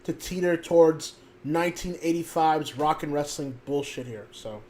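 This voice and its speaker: Blunt man, fairly high voice. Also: normal speed, a little mellow. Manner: blunt, profane opinions. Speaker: podcast panelist. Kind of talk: casual chat.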